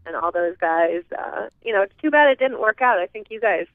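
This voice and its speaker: A woman's voice: medium pitch, lively intonation, fairly quick, no room sound. A woman from the American Midwest, a guest chatting casually in an interview, talking in a giggly, chatty way with trailing fillers. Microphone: phone. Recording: tinny phone line.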